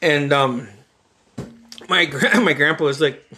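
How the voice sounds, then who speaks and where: A man with a bright, forceful, slightly high voice tells a rowdy childhood story on a casual podcast. He swears freely and acts out the lines of everyone in the story. His telling is animated and loose. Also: slow. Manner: animated, profane storytelling with acted quotes. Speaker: podcast host.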